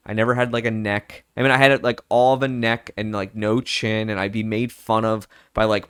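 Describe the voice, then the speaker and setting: A young man talks candidly and loosely to the camera, looping through fillers and quoting his own past thoughts. His voice sits at an average pitch, and the recording is close and dry, with almost no room sound. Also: fairly bright tone, clean tone, no room sound. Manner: candid, rambling, lots of fillers and self-quotes. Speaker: vlogger. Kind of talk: personal casual chat.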